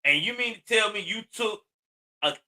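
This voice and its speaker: A man's voice: high voice, animated, normal speed, sharp tone. A man in his forties giving heated, profane commentary on a news story, ranting angrily with a lot of emphasis. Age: 40s.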